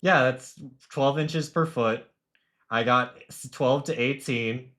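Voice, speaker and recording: Wry streamer; self-deprecating, chatty, plain middle pitch. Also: takes it slowly, fairly bright tone. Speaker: live-stream gamer. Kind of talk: casual gaming chat.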